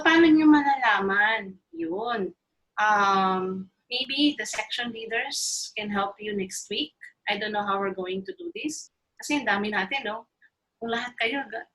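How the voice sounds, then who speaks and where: A woman's voice: medium pitch, bright, forceful tone, rough recording. A woman with a Filipino accent teaching voice in an online choir workshop, mixing English and Filipino in a coaxing, playful way over a video call.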